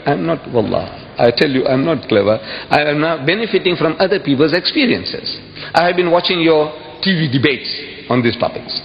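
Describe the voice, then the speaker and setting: A man giving an impassioned public speech to an audience, emphatic and repeating phrases, with sudden high exclamations. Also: lively intonation, normal speed, vocal fry. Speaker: public speaker addressing an audience. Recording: dull echoey hall recording with faint hiss.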